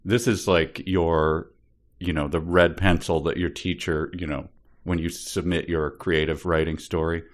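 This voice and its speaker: Wry, low-voiced male co-host. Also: flat delivery, a little slow. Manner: wry, teasing. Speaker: podcast co-host. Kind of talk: casual book-club chat.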